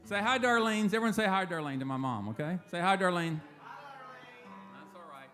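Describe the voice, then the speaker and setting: Man, playful live emcee, slightly high voice, guitar behind him, church hall stage mic. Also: lively intonation, fast, pushed and bright. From Lawton, Oklahoma. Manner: joking, playful, chatty, coaxing the crowd. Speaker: emcee at a memorial service. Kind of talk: live stage banter to an audience. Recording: live guitar music underneath.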